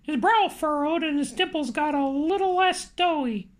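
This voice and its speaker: A woman with a high, bright voice reads an audiobook aloud. Her delivery is lively and expressive, keeping the story moving. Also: normal speed. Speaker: audiobook narrator. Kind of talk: audiobook narration.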